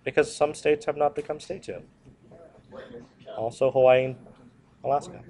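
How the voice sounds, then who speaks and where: A man's voice: a little high, moderate pace. A man teaching a history lecture to a class, repeating key points and joking with students. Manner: repetitive, animated, joking asides to students.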